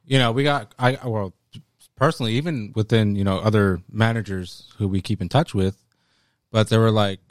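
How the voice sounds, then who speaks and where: Young male co-host, deadpan laid-back delivery, dry close recording. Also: fairly low pitch, moderate pace, no room sound. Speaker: podcast co-host. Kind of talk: casual chat.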